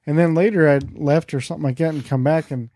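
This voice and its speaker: A man co-hosting a podcast, telling a personal story in casual chat and jumping up in pitch for the lines he quotes. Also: fairly even intonation, fast, mellow, dry recording, studio quality. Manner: jumps high for quoted lines in his stories. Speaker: podcast co-host.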